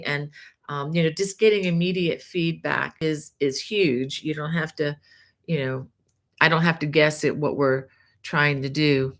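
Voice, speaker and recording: A woman's voice: deep voice, steady tone, measured pace. A middle-aged woman hosting a live crochet stream, chatting casually with many fillers. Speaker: crochet teacher and livestream host.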